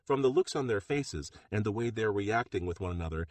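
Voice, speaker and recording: A man reading an audiobook in steady, measured narration on a close mic. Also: on the low side, no room sound. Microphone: close studio mic.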